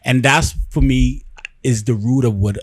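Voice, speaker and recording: A man's voice: medium pitch, a little slow, breathy edge, dry recording. Emphatic man hosting a podcast. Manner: animated storytelling, emphatic and repetitive restarts. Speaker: podcast host. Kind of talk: casual podcast conversation.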